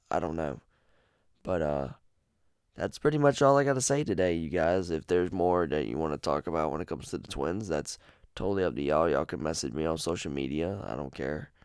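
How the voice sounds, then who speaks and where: Deep-voiced man ranting casually. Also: smooth, no room sound, clean studio sound. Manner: rambling, profane and jokey. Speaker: podcast host. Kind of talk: casual chat about a horror game.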